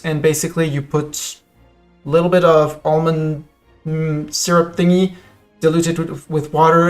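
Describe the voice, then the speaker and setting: Streamer, French accent, mid pitch, loose chatty play-by-play over faint music. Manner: chatty, rambling, talks to chat and to the game. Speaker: game streamer. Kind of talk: live gameplay commentary.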